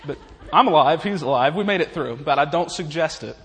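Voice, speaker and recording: A man's voice: on the high side, animated, a little fast, a bit bright. A man preaching in a humorous, folksy way, chuckling his way through stories. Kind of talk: humorous storytelling sermon. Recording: long reverb of a large hall.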